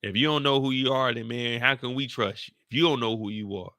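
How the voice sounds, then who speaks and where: A man recaps a TV episode in loose, slangy, joking commentary. His voice is bright and forward. It is recorded dry, with no room echo. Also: mid-range voice, fairly even intonation, quick pace. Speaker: YouTube show recapper. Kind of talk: casual reaction commentary.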